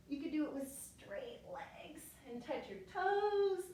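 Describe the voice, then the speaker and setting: A woman's voice: high-pitched, takes it slowly, a little hiss or hum. Woman calling out yoga poses, bit breathless, far from the mic in a very echoey room. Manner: calm step-by-step cueing, breath counts. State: a little out of breath. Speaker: yoga teacher. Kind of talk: guided yoga class cues.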